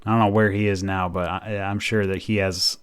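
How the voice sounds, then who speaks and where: A man co-hosting a podcast in casual chat, animated and laughing often as he talks. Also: on the low side, a little fast, smooth. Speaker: podcast co-host.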